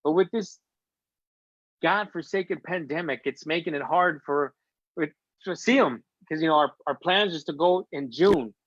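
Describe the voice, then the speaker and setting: A man's voice: fairly high pitch, normal speed, fairly bright tone, no room sound, highs cut off. A middle-aged man from Chicago, a guest in a casual interview, telling a family story with feeling and acting out what people said. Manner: emotional, chatty storyteller acting out quotes.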